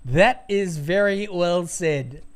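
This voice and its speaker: Excitable male race-stream commentator, high voice, rambling, prone to loud cheering bursts. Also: takes it slowly. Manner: rambling, hedging with fillers.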